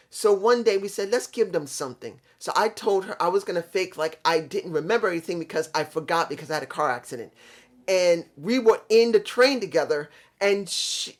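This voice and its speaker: A middle-aged man talking earnestly in a casual, rambling monologue, often repeating himself as he explains a point. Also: sits high. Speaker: vlog host. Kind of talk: casual monologue on pro wrestling.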